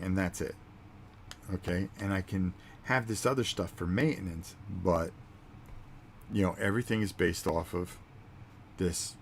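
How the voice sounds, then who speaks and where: Man, very low voice, casual vlog chat, rambling storyteller, faint background hiss. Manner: rambling storytelling with fillers and acted-out quotes. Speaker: vlog host.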